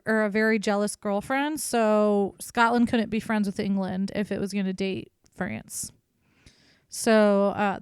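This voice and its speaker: A woman with a medium-pitched, clean-toned voice co-hosts a podcast, recounting history in a casual, irreverent style and swearing freely. The recording is studio quality with no echo.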